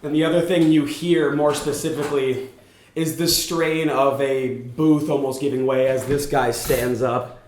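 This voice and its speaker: A man's voice: mid-range voice, fairly even intonation, normal speed, slight background noise. Casual man running a tabletop game in an echoey room. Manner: casual, loose narration that slips into brief character voices. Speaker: game master.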